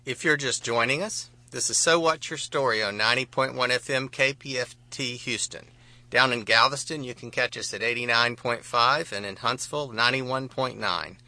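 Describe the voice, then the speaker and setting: A man's voice: mid-range voice, moderate pace, sharp tone. A man hosting a radio talk show from a studio, easygoing and conversational. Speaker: radio host.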